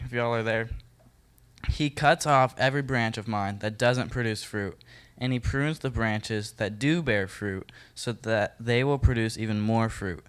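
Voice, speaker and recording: A man leading a Bible study for a group, reading verses and explaining them in a relaxed, joking way, talking straight to his listeners. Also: medium pitch, smooth. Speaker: youth Bible study leader. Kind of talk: casual Bible teaching talk.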